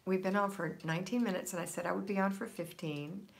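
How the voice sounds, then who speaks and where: A woman's voice: lowish voice, fairly even intonation, fast, vocal fry. A woman hosting a casual livestream, reading viewer comments aloud and answering them in an upbeat, encouraging way. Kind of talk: casual live chat. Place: home, Florida.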